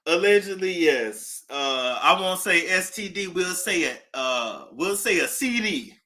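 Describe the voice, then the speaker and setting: A woman hosting a casual celebrity gossip talk, animated, with nervous laughter and dramatic gasps. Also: lowish voice, measured pace.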